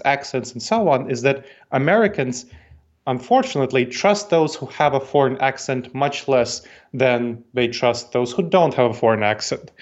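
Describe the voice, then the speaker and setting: Guy in his 40s, moldovan-ish accent w a bit of new york, lays stuff out step by step, kinda dull audio. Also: medium pitch. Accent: Eastern European, with a New York tinge. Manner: methodical, explanatory, repeats key points. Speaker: guest expert. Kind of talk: interview explanation.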